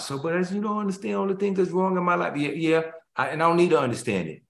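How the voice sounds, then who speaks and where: An older man, a pastor, preaching an emotional sermon that swings between hushed tones and loud emphasis. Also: high-pitched, fast talker, vocal fry, hardly any pauses. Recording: echoey room.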